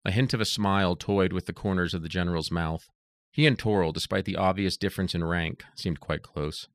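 A man narrating an audiobook in a steady, even reading voice. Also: sits low, a little fast, dry recording, studio quality.

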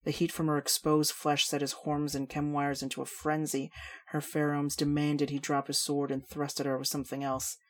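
A woman reading adult fantasy fiction aloud in a steady storytelling manner. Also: low voice, normal speed. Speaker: reader. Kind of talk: fiction narration.

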